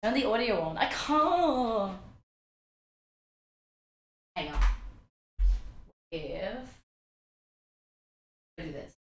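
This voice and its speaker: A woman's voice: mid-range voice, big pitch swings, drawn-out words, pauses often, echoey room, a little hiss or hum. A woman streaming a game live, chatting and swearing freely with her chat and sing-songing greetings, her voice a bit worn out.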